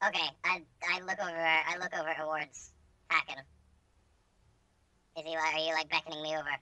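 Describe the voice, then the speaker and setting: A woman's voice: low-pitched, little pitch movement, brisk, bright, forceful tone, smooth, no echo. A woman playing a tabletop game with playful, wry quips. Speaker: player. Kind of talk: casual in-character game talk. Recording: slightly distant mic, dry.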